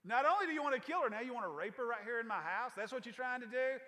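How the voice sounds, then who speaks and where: A man preaching a sermon and voicing an impulsive male king in quick, excited outbursts. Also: very high voice, long reverb tail, full character voice.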